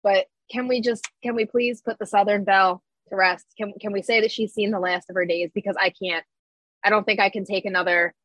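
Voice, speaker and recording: A woman's voice: medium pitch, steady tone, a little fast, fairly bright tone, dry recording, low-quality recording. A woman co-hosting a casual podcast chat, blunt and ranting, laughing often. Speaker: podcast co-host.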